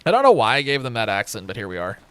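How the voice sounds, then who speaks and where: A man's voice: mid-range voice, wildly swooping pitch, rapid-fire, a bit bright, clean tone. A young man streaming a game from home, rambling in casual commentary with wry, sarcastic asides. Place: home room with a webcam.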